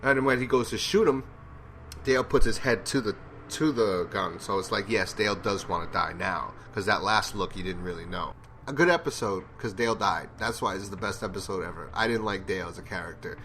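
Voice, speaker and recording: Man, casual tv review, rambling and blunt, swears freely, lowish voice. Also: brisk, pushed and bright, slight background noise. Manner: blunt, profane, rambling opinions. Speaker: TV show reviewer.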